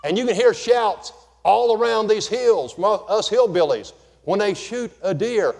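A man's voice: high-pitched, normal speed, a little mellow. A man preaching a folksy, humorous sermon to his congregation. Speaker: pastor. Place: church sanctuary. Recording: long reverb of a church hall.

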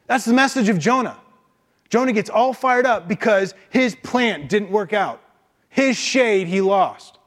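Pastor, sermon delivery, high-pitched man, emphatic, punches his points with rhetorical questions. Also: animated, measured pace, vocal fry.

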